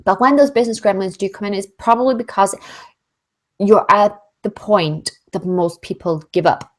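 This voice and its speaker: A British woman hosting a casual business Q&A, chatty and animated, full of fillers and acted-out inner voices. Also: medium pitch, normal speed. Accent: British English. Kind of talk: casual motivational webinar talk.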